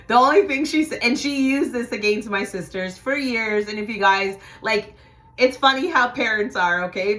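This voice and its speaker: Woman vlogger, middle-aged, low bright voice, profane, tells stories loudly and bluntly. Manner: blunt and profane, acts out quotes with sudden loud shouts. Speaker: channel host telling a personal story. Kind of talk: casual storytelling to viewers.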